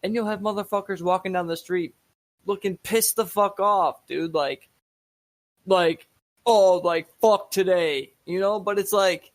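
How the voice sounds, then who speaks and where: A man's voice: sits high, normal speed, fairly bright tone, no echo. A young man co-hosting a podcast in casual chat, laid-back and rambling, swearing freely. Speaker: podcast co-host.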